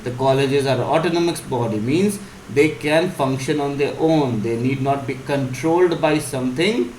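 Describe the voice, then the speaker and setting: A man's voice: medium pitch, normal speed, a little mellow. A man teaching vocabulary casually, explaining words and spelling them out. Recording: echoey room, faint hum.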